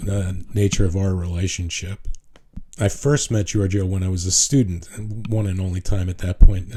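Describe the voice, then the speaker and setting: An older man giving a casual lecture as a retired architect, telling personal stories in a halting, rambling way with restarts. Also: low-pitched, mellow, slight background noise. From New York City. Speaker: retired architect teaching a class.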